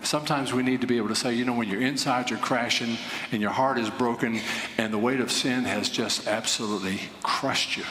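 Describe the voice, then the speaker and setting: A man's voice: medium pitch, brisk, fairly bright tone, slight background noise. Man preaching in an echoey hall. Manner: earnest storytelling, rising to emphatic. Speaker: pastor. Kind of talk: sermon. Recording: echoey hall with faint ambience.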